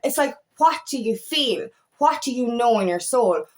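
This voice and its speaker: A woman's voice: fairly high pitch, animated, moderate pace. A woman coach talking casually to camera, emphatic and swearing freely, with exasperated outbursts. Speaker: feminine empowerment coach.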